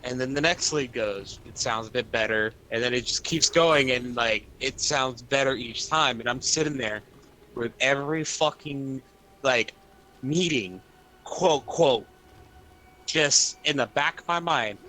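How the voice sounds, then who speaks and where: Profane young man venting, bright voice. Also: medium pitch, measured pace, a little hiss or hum. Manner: profane, rambling venting with lots of fillers. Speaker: streamer. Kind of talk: casual ranting chat.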